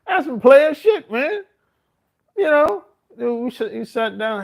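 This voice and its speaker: A middle-aged male host tells stories in a casual, boastful monologue, his very high voice sing-song with vocal fry at a measured pace. His swaggering street talk is profane and slangy, full of "man" and "bro."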